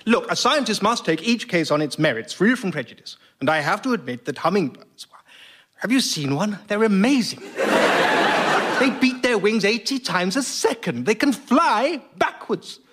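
An actor playing an earnest, self-assured elderly professor interviewed in a radio comedy sketch. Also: male voice, high voice, very animated, moderate pace, a bit bright, slightly rough, heavily acted. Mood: matter-of-fact. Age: older. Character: elderly male atheist professor, smug.

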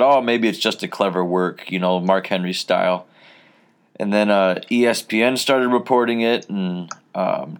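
Low-voiced man hosting a casual podcast. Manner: relaxed, rambling storytelling with fillers. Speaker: podcast host.

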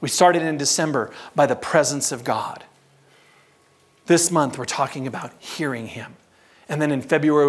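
A man preaching a sermon as pastor, stressing words by slowing down and asking the congregation rhetorical questions. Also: on the high side, fairly bright tone.

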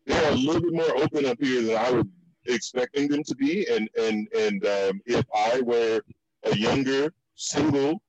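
A man from the Virginia and DC area telling stories in a casual chat, with many restarts and high jumps in pitch for the quotes. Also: moderate pace, a little mellow, dry recording, lo-fi sound. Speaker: guest.

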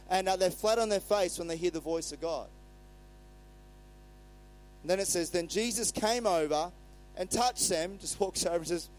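A man's voice: sits high, normal speed, a little mellow, low-quality recording. A male pastor giving a sermon in a conversational way, retelling scripture and acting out the quotes.

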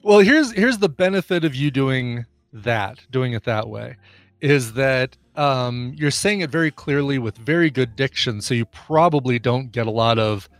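A man co-hosting a morning podcast in casual chat, playful and joking as he pitches ideas. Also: expressive, measured pace, dry recording. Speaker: podcast co-host.

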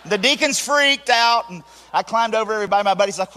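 A man telling his conversion story in a sermon, animated and acting out the voices of the people in it. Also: sits high, fast, big-room sound. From Tennessee, US. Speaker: preacher giving his testimony.

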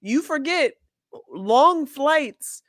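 Female podcast co-host, unhurried, emphatic and blunt, dry close recording. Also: sits high, expressive, a bit bright, dry recording. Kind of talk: casual podcast chat.

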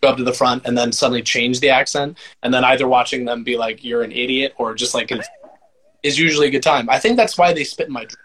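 A man's voice: mid-range voice, quick pace, fairly bright tone, a little hiss or hum. A man, a voice actor and musician, talking in a laid-back, self-deprecating way with lots of fillers in a casual interview.

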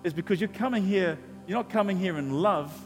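A man's voice: high-pitched, fairly quick, big-room sound, over music. A male pastor preaching a sermon and telling a personal story, acting out the dialogue. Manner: animated storytelling, acts out dialogue.

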